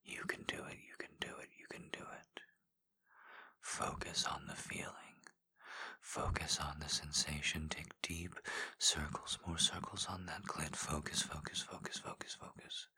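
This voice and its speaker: A man in a whispered role-play, giving slow, coaxing encouragement with repeated phrases in a deep, husky whisper. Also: little pitch movement, bright, forceful tone. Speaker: intimate audio performer.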